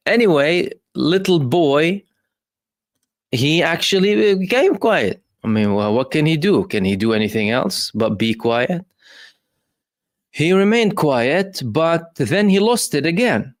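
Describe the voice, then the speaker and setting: A man's voice: mid-range voice, no echo, studio quality. Man hosting live news commentary. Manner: hesitant with many fillers, emphatic rhetorical questions. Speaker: host.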